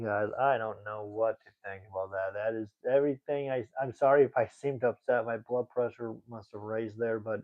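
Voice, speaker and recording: Brief: young man, indignant rambling streamer, mid-pitched, tinny lo-fi audio. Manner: indignant, rambling, talks straight to chat. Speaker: livestreamer reading chat. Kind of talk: casual live chat.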